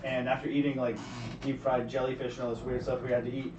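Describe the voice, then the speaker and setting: A man's voice: medium pitch, quick pace, soft background music. A man, a former film editor, telling a funny story and acting out what people said. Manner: animated storyteller who acts out quotes. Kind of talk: casual chat. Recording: roomy, distant, muffled recording.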